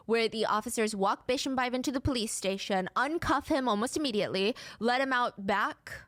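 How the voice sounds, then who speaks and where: A woman's voice: a bit bright, dry recording, studio quality. Woman narrating a true crime story. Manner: acts out quoted lines with rising pitch.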